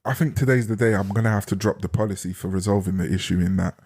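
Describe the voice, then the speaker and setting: A man's voice: quick pace, darkish tone, breathy edge. A man co-hosting a casual podcast, joking and jumping into playful bits. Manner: joking, jumps into bits and squeaky put-on voices. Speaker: podcast co-host. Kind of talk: casual chat.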